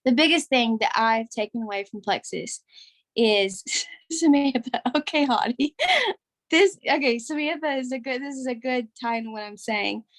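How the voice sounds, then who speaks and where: Young woman, slightly high voice, teary and rambling testimonial on a group call. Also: moderate pace, no room sound. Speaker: caller sharing a testimonial.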